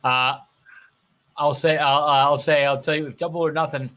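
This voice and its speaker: Bright-voiced man playing a tabletop game. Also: fairly high pitch, fairly even intonation. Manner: halting, many restarts. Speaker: player.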